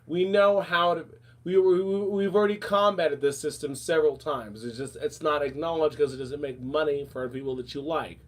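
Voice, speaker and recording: A man hosting a casual show, with a voice a bit higher than usual. He rambles and talks in an animated way, calling people darling and honey. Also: moderate pace. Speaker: podcast host. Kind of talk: casual chat.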